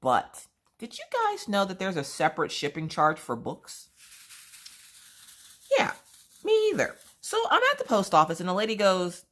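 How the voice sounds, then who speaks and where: A woman's voice: fairly low pitch, very animated, fairly quick, a bit bright. A woman with a sore throat, chatting casually as she tells a story and acts out the other people in it. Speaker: vlogger.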